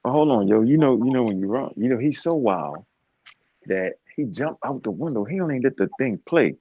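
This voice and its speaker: A man's voice: medium pitch, expressive, fairly quick, slightly rough, no echo, highs cut off. A man co-hosting a casual talk, bantering in slang and laughing often. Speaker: co-host.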